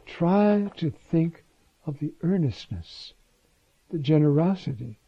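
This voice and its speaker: A man's voice: on the high side, animated, takes it slowly, vocal fry, pauses often, husky, dry recording. A man teaching scripture in a conversational sermon, with informal asides and restarts, on a dull lo-fi recording.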